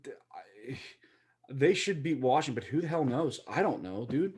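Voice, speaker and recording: A man, co-hosting a casual sports chat in an excitable, jokey, rambling way. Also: a little high, moderate pace, husky. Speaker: podcast co-host.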